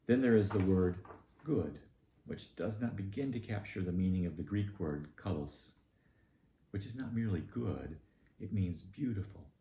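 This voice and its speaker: Southern US man, deep mellow preacher voice, measured sermon delivery, echoey room with faint hum.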